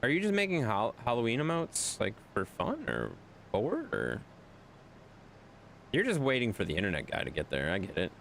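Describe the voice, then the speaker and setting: A man streaming a game and chatting loosely with his audience, his voice swinging up and down with lively expression. He rambles through stories and side comments in a mid-pitched, relaxed way, with faint noise behind him. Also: moderate pace, gravelly. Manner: rambling, animated storyteller addressing chat. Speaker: gaming streamer. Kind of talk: casual live-stream chat.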